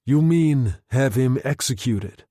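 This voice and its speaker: A man reading a novel aloud, voicing an agitated wartime general who speaks in a slow, grave way. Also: mid-range voice, expressive, mellow, dry recording, clean studio sound. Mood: urgent.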